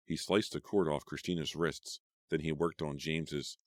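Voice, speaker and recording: A very deep-voiced man narrates a scripted horror audiobook at a moderate pace with fairly even intonation. The recording is dry and clean, with studio quality.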